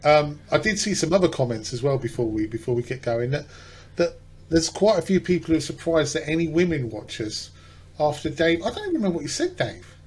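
A man's voice: fairly high pitch, big pitch swings, fairly quick, a little mellow, husky. Jokey British man hosting a podcast. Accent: British English. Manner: jokey, teasing. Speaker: podcast host. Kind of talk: casual chat.

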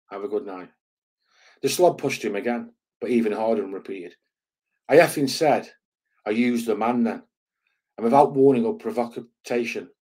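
A man's voice: fairly low pitch, mellow, husky. A man hosting his channel, reading a book extract aloud in a casual storytelling way, with earthy slang and asides. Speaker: channel host.

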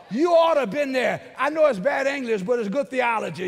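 A man from New Orleans with a New Orleans accent, a pastor preaching a shouted revival sermon with rhythmic call-and-response repetition in a large church sanctuary. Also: very high-pitched, lively intonation, fairly quick, hardly any pauses, a faint crowd, slight background noise. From New Orleans, Louisiana. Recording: long church reverb, organ and congregation.

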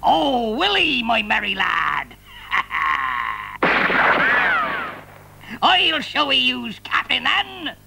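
A performer voicing a scheming old male pirate captain in a children's puppet show, with a gruff rustic drawl. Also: medium pitch, wildly swooping pitch, very slow, pauses often, very noisy, heavily acted. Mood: menacing glee.

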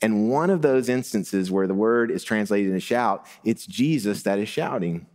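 A middle-aged male pastor giving a sermon, talking in a relaxed, conversational way that builds to emphatic moments. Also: on the low side, moderate pace. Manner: conversational preaching with rising emphasis and light laughs.

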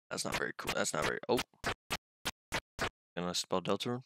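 A young man with a fairly low voice hosts a casual let's-play. He jokes loosely with his viewers and reads the on-screen game text aloud as he goes. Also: very animated, a little fast, vocal fry, background noise. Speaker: gaming channel host.

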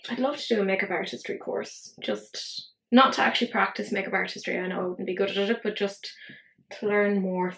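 A woman's voice: mid-range voice, steady tone, fairly quick, vocal fry, a bit bright, low-quality recording. A woman in her thirties chatting casually through a makeup tutorial. She swears freely and talks to herself as she works. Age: 30s. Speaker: beauty vlogger.

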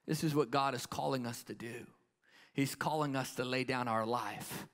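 A man preaching a live conference sermon, swinging passionately between hushed tones and booming declarations. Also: fairly even intonation, moderate pace. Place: conference stage before a crowd.

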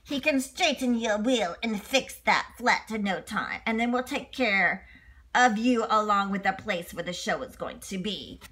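A woman's voice: medium pitch, expressive, a little slow, sharp tone, husky, full character voice. A woman voicing a showy male director of an animal show in a children's storybook, speaking in a theatrical, welcoming way. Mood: pleased. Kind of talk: children's storybook read-aloud.

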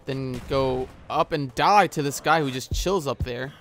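A man's voice: medium pitch, unhurried, fairly bright tone, a little hiss or hum. Guy rambling over a shooter game, lots of uhs, headset mic, faint gunfire in the background. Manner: rambling, many filler uhs, swearing at the game. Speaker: gaming YouTuber. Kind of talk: casual gameplay commentary. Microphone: gaming headset.

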